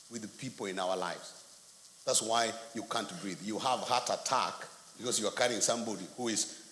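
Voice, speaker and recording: Brief: male preacher, lively and forceful storytelling, roomy church sound. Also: lowish voice. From Kenya. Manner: animated storytelling, acts out quotes. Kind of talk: sermon. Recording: echoey hall, faint noise.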